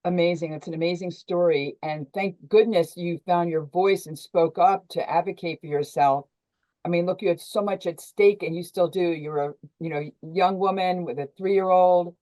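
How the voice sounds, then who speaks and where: Woman interviewer, low mellow voice, affirming, gentle questions. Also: steady tone, normal speed, rough recording. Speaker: webinar host.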